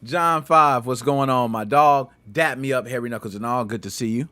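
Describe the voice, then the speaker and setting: A man hosting a casual gaming podcast, talking in animated, slangy banter and laughing often. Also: medium pitch, moderate pace, dry recording. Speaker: podcast host.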